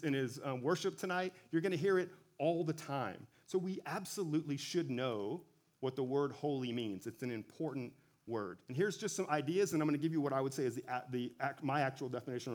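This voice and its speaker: A man giving a relaxed sermon, talking conversationally with frequent self-corrections and joking asides. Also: a little high. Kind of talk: casual sermon.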